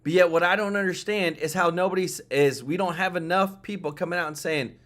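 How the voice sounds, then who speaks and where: A man's voice: sits high, fairly quick, hardly any pauses, fairly bright tone. A man hosting a political commentary show, talking emphatically and often repeating himself as he speaks to his viewers. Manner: emphatic, repetitive, addresses viewers and chat.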